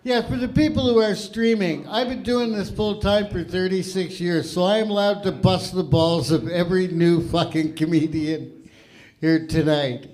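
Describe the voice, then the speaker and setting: Older man, Canadian accent, comedy host, high voice, profane, loud punchlines, club stage. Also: fairly even intonation, normal speed, poor audio. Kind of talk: stand-up comedy hosting.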